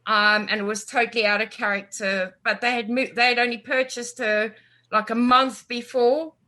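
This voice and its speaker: A woman guest on an interview podcast, a lively storyteller chatting casually and acting out what others say. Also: a little high, normal speed. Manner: lively storyteller, acts out quotes. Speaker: guest, animal communicator.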